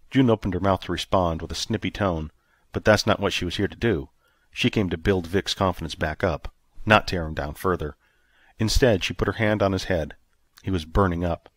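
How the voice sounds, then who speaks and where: A man narrating an audiobook in a steady, even storytelling manner. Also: low-pitched, brisk, no echo. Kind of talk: scripted narration.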